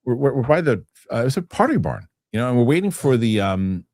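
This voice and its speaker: A man's voice: mid-range voice, big pitch swings, quick pace, a little mellow, dry recording. A man hosting a casual podcast, telling a story with many restarts and some swearing. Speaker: show host.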